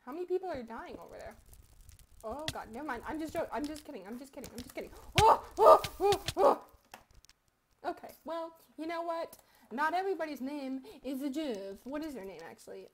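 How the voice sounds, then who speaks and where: A young woman with a high voice chats casually over her gameplay, swearing and joking. She keeps up a loose, rambling patter that bursts into sudden loud yells. She records on a close mic at home. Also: expressive, fast, noisy background. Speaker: gaming commentator.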